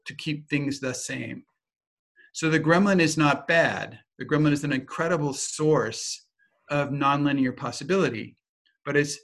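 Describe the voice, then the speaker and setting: A man giving a teaching talk, telling a lively personal anecdote in a casual way that includes some swearing. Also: a little high. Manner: animated, vivid storyteller with casual swearing.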